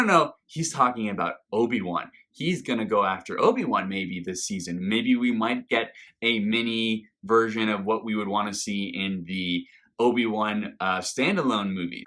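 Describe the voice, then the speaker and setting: Excitable male video reviewer, low voice with a bright edge, rambling. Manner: enthusiastic, rambling with fillers and restarts. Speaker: reaction video host. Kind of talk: casual review monologue.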